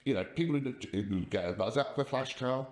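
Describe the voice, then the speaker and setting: Speaking a little fast in a medium-pitched, slightly mellow voice, this older man tells meandering business stories as a podcast guest. He's a software company founder, and his casual interview storytelling is full of restarts.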